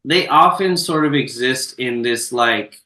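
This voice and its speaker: A man co-hosting a podcast, casually recapping a movie scene by scene, swearing freely and slipping into quick quoted voices. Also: mid-range voice, sharp tone. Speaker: podcast co-host. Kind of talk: casual film discussion. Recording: roomy, echoey, off-mic sound.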